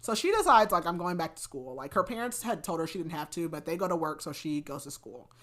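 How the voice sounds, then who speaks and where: Female podcast host, lower voice, casual rambling book recap. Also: lively intonation, quick pace, fairly bright tone. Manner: chatty, many fillers and restarts.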